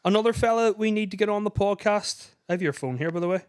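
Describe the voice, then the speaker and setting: A man's voice: high voice, fast talker, clear, resonant tone, no room sound. Chatty man, dry close sound. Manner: chatty, eager, prompting stories. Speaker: podcast co-host. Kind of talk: casual chat.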